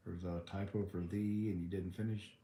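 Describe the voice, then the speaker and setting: A man's voice: deep voice, level tone, normal speed, mellow, roomy sound, a little hiss or hum. A man hosting a livestream, reading viewer comments and answering in a rambling, wry way full of ums and restarts. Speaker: livestream host answering chat.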